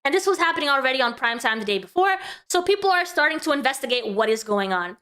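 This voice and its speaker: A high-pitched woman with a bright, ringing voice hosts a casual commentary stream. She chats loosely with her viewers and breaks into laughter often. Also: big pitch swings, fast talker. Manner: chatty, laughs often, talks to chat. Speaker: vtuber host.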